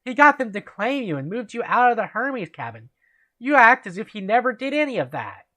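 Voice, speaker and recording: A man's voice: extremely high pitch, big pitch swings, brisk, pushed and bright, pitched above the performer's own voice, full character voice. A man reading aloud the reproachful lines of a loyal young male demigod from a fan story.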